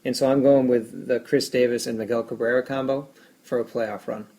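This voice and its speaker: A man's voice: mid-range voice, steady tone, fairly quick, warm tone. A man co-hosting a podcast about fantasy baseball, rambling in casual chat and making fun of himself. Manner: self-deprecating, rambling with restarts.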